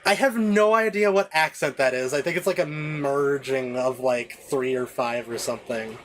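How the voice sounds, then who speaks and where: A man's voice: mid-range voice, normal speed, a bit bright. A man streaming a game, chatting casually with viewers and rambling with many fillers and restarts at a home desk mic.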